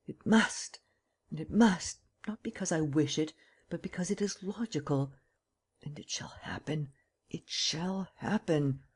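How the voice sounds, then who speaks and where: A man reading Arsène Lupin, a coolly mocking gentleman thief. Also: sits high, expressive, moderate pace, slightly rough, pitched above the performer's own voice. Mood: intense muttering. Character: proud, ironic male master thief in prison.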